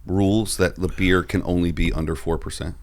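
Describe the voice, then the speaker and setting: A man hosting a podcast, giving a brisk upbeat intro and then chatting casually with his guest. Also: low-pitched, fairly even intonation, darkish tone. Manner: upbeat show intro, then easygoing listener. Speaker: podcast host. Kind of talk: casual interview chat.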